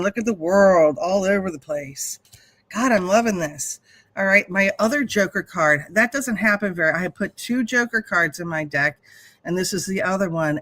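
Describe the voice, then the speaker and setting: A woman's voice: lowish voice, a bit bright. A middle-aged woman hosting a livestream, giving a chatty, spiritual tarot reading with some earthy swearing. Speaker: host and tarot reader.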